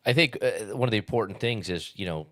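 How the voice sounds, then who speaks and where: A man hosting a podcast interview, making reflective, measured remarks to his guest. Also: lowish voice, a bit bright.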